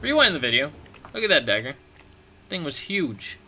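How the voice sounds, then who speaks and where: A man giving joking gameplay commentary while playing, animated and quick to break into shouts and laughter. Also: on the high side, a little hiss or hum. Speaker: let's play gamer.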